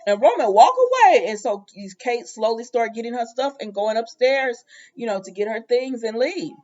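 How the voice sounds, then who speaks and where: A woman's voice: on the high side, steady tone, moderate pace, a little mellow. Chatty woman recapping a soap, lo-fi. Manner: chatty storyteller, addresses viewers as baby, child and y'all. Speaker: soap opera recap host. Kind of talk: casual chat recapping an episode.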